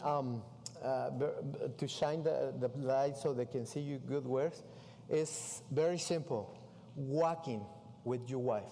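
A man, a missionary preaching a sermon with animated stories in English. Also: fairly high pitch. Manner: animated storytelling with non-native English. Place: church sanctuary. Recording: far-off voice in a reverberant hall.

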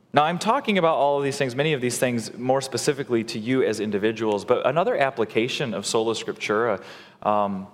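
A man's voice: mid-range voice, in a large hall. A male pastor preaching a sermon in a conversational way, acting out quotes and building to emphatic points.

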